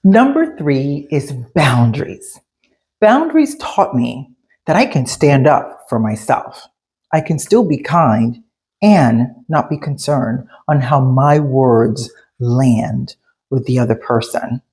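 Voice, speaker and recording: A woman's voice: rumbling low, expressive, slow pace, a little mellow, slightly rough. A woman speaking in a candid, emphatic and conversational way, telling a personal story as she shares a life lesson.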